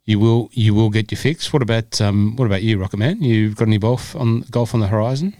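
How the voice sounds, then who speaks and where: A man hosts a casual podcast with a low voice that sounds dry and close to the mic. He jokes, rambles and laughs easily with his co-hosts. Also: fairly quick, dark tone, dry recording. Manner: jokey, rambling, laughs often. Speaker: podcast host.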